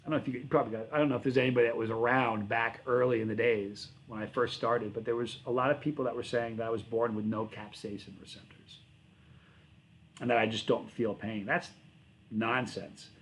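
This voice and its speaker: A man hosting a relaxed livestream, answering his viewers' chat in a loose, rambling way. His voice sits at an ordinary middle pitch. He often stops and corrects himself mid-sentence. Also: brisk, a little hiss or hum, rough recording. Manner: rambling, self-correcting, friendly. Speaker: channel host reading live chat.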